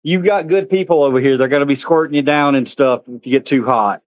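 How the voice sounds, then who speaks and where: A man's voice: fairly quick, no echo, dull audio. Chatty man vlogging outdoors. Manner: chatty, talks to animals in a high sing-song. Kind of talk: casual vlog, talking to animals. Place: outdoors at an animal park.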